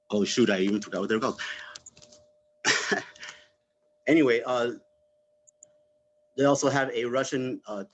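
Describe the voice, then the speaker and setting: A man performing a stand-up comedy set from home, rambling with many fillers and breaking into laughter. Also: mid-range voice. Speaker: open mic comedian. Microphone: home livestream mic. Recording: dull, dry, lo-fi stream audio.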